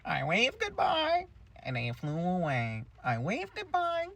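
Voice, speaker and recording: A man putting on the voice of a dazed old woman teacher, slow and quavering, repeating herself. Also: sits high, wildly swooping pitch, gravelly, a bit bright, slight background noise, pitched above the performer's own voice, full character voice.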